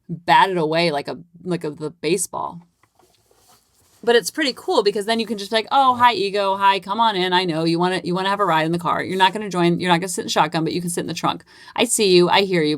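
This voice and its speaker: Woman, parenting podcast host, low-pitched, animated storytelling, dry close sound. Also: no room sound. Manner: animated, acts out quoted lines. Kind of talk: casual storytelling monologue.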